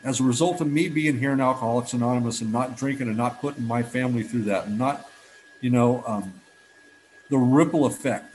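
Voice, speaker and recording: A man's voice: mid-range voice, darkish tone, a little hiss or hum, low-quality recording. A man in his fifties giving a heartfelt personal testimony at a recovery meeting, telling stories earnestly with frequent restarts.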